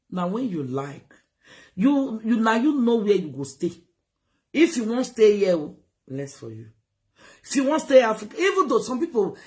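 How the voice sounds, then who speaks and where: A woman with a Nigerian Pidgin accent lectures her viewers in a casual vlog, urging and scolding by turns. Her voice swings widely up and down at a middle pitch, and she moves freely between Pidgin and English. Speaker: vlogger giving advice. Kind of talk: casual live-stream talk. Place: United Kingdom.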